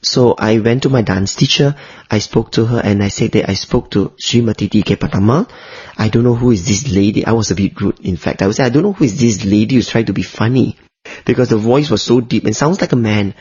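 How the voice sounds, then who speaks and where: A man from Malaysia, an interview guest telling a personal story in an animated way. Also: fairly low pitch, a little fast, slightly rough. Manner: animated storytelling, briefly mimics the people he quotes. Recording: dull lo-fi recording.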